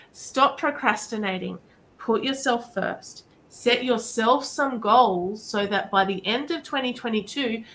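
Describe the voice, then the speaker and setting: A woman's voice: mid-range voice, fairly bright tone, slight background noise, poor audio. Chatty woman giving encouraging advice. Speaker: psychic reader and show host. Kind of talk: live-stream card reading.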